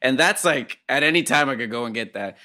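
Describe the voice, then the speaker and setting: Emphatic, animated male podcast host. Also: mid-range voice, a little fast. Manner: emphatic, opinionated. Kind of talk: casual food review chat.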